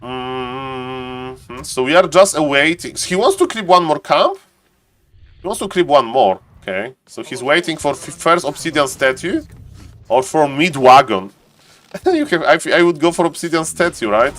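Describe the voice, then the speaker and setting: A young man streaming and commenting on a strategy game replay, excitable, talking to chat in non-native English and tripping over words. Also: fairly high pitch, unhurried. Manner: excitable, talks to chat, keeps saying "ladies and gentlemen".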